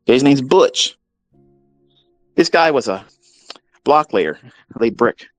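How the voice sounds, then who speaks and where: A man telling a story in a profane, animated, mocking way, as a trading mentor talking to his audience. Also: mid-range voice, slow, no room sound, faint music behind. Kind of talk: casual storytelling monologue.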